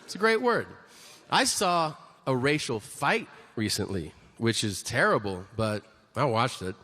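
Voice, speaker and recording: A man doing a stand-up comedy routine, telling stories with loud voiced asides before a live audience. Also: mid-range voice, slow pace, pauses often. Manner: animated storytelling with shouted voiced asides. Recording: reverberant hall, audience noise.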